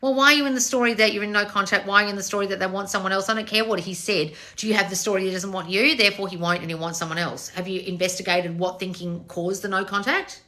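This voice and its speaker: A woman's voice: medium pitch, fairly even intonation, fast talker, few pauses, bright, forceful tone. A woman coaching viewers on a live stream, reading their comments aloud and answering bluntly with pointed rhetorical questions, swearing casually.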